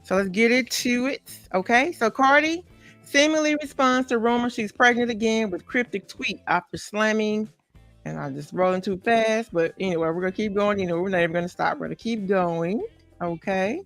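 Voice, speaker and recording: Over soft background music, a podcast host with a mid-range, slightly bright voice chats at a moderate pace about celebrity gossip. She addresses viewers directly in a casual way, full of asides and frequent "okay?" tags.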